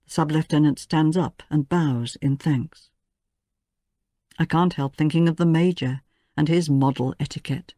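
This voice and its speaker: A woman narrating a first-person memoir in a measured, quiet audiobook reading. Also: deep voice, no room sound, studio quality.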